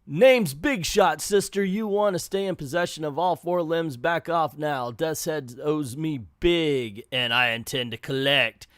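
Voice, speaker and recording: A man's voice: on the high side, unhurried, few pauses, clear, resonant tone, no room sound, studio quality. A man doing a snarling, frothing alien bounty hunter. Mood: threatening. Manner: snarling and shouting threats.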